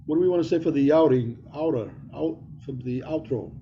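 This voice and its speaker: A man's voice: a little high, a little fast, dull audio, a little hiss or hum. A middle-aged man co-hosting a podcast, telling a rambling story in casual chat. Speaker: podcast co-host.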